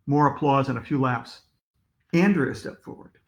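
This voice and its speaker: A man, an author, reading his own storybook aloud to children in a lively, expressive manner. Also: mid-range voice, moderate pace. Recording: echoey room.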